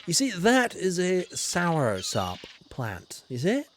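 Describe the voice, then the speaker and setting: A man streaming a game slips into a theatrical, old-fashioned gentleman explorer persona and greets his chat by name. His voice sits a touch high and leaps up and down in pitch as he talks. A faint hiss stays under the whole recording. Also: wildly swooping pitch, slow. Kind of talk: live game commentary in a role-play persona.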